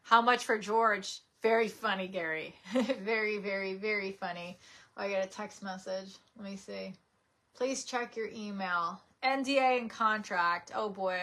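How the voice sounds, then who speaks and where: Chatty, giggly bright-voiced woman. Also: mid-range voice. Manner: chatty, giggly, reads viewer comments aloud. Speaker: streamer host. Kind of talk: casual live-stream chat.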